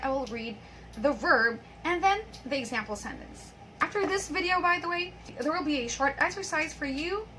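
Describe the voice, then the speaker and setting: A young woman teaching English pronunciation in a high, bright voice. She explains each rule and then reads example words and sentences with careful stress. A faint hiss sits under the recording. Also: low-quality recording. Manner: explains with repeated filler phrases like "by the way". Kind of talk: YouTube pronunciation lesson.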